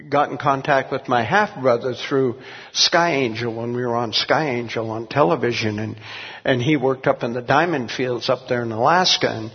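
An older man who is a pastor, telling his story earnestly, halting with many restarts. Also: medium pitch, slightly rough. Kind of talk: testimony in an interview. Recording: dull recording in a long-echo room.

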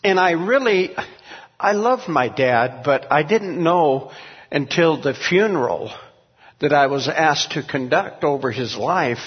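An older man who is a pastor, telling his story earnestly, halting with many restarts. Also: on the high side, husky. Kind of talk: testimony in an interview. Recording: dull recording in a long-echo room.

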